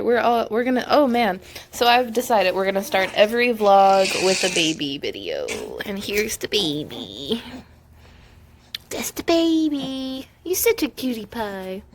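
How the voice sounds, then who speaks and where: A woman's voice: fairly high pitch, a little hiss or hum. A young woman vlogging at home, cooing baby talk to her infant between casual chat with viewers. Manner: gushing baby talk with frequent giggles.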